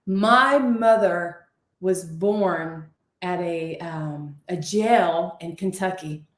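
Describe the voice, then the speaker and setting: A woman from Ohio with a Southern US accent co-hosts a relaxed chat and tells family stories. The recording carries a noticeable room echo. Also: fairly low pitch, very slow. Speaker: co-host. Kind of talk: casual chat.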